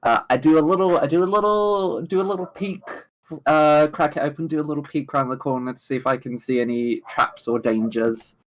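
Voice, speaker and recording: A man's voice: fairly high pitch, brisk, rough recording. A man playing in a casual tabletop game, sarcastic and swearing freely. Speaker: player.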